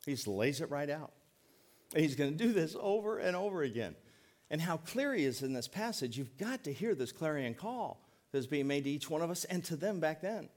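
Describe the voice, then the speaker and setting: A middle-aged man preaching a sermon as pastor, folksy and joking, leaning on words by slowing down. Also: a little high, big pitch swings, a little mellow. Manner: folksy, joking, emphatic preaching with slowed stresses.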